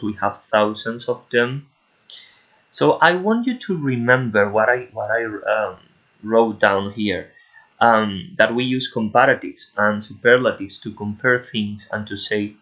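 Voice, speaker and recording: A man's voice: on the low side, fairly bright tone. A man with a Spanish accent teaching an English grammar lesson to children, patiently checking in with "okay?" after each point. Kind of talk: online lesson explaining grammar to pupils. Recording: muffled lo-fi sound.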